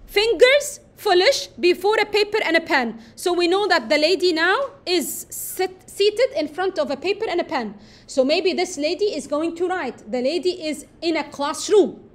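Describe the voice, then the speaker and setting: A woman teaching a lesson that analyzes a poem, explaining step by step, repeating key phrases and pausing on fillers. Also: very high-pitched.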